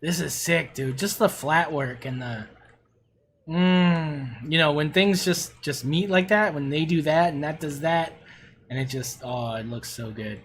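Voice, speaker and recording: A man's voice: fairly high pitch, a little slow, slight background noise. A middle-aged man on a casual livestream, gushing and swearing as he reviews player builds.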